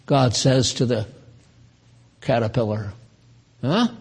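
A man in his nineties giving an informal Bible teaching, slow and chatty, with asides to his listeners. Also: a little high, a little mellow, breathy edge. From United States. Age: 90s.

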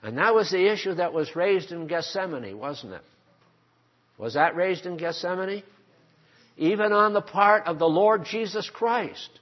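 An older man preaches emphatically, putting one rhetorical question after another to his congregation. His voice is high-pitched with lively intonation and an unhurried pace, captured in a dull, lo-fi sermon recording.

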